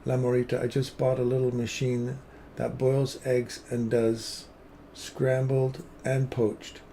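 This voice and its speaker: A man's voice: mid-range voice, completely flat delivery, takes it slowly, creaky, dark tone, slight background noise. A man hosting a live trading stream, rambling between chatty asides and market commentary with playful remarks to viewers.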